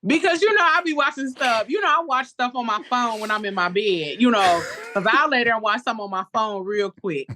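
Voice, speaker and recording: A woman co-hosting a casual film review chat, relaxed and conversational. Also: a little high, brisk, slight background noise. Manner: relaxed, conversational, lots of fillers. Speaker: podcast co-host.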